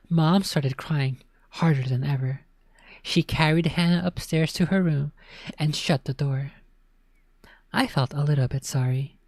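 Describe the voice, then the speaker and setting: A woman narrating a spooky children's book in a dramatic reading, often dropping to a hush. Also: low voice, a little slow, no room sound, studio quality. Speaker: storyteller.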